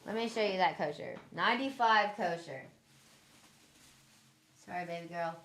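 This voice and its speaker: A woman's voice: lowish voice, normal speed, a bit bright, a little hiss or hum. A woman casually showing her plants on a live stream, chatty and loose, swearing freely and restarting her sentences while she moves nearer to and farther from the mic.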